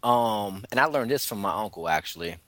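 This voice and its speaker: A man's voice: fairly low pitch, expressive, fairly quick, sharp tone, dry recording. Laid-back man co-hosting a sports chat. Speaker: radio show co-host. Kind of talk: casual sports banter.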